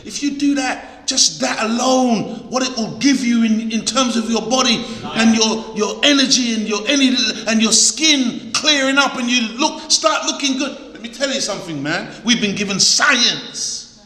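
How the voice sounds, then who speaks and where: An extremely high-pitched man preaches at a moderate pace with few pauses, his delivery pushed and bright. Emphatic and exhorting, he repeats key words for stress before his congregation. A preacher or lecturer, he is captured in a large, echoey hall with long reverb.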